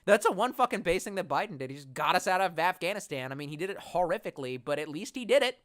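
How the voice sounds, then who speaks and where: A man streaming live and reading his chat, animated and profane, swinging between loud outbursts and mumbled asides. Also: sits high, fast talker.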